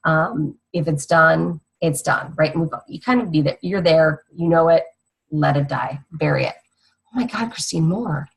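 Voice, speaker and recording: A woman's voice: low voice, moderate pace, gravelly, slightly rough, poor audio. A young woman fitness coach giving a casual, rambling training talk to other coaches, teasing her co-host.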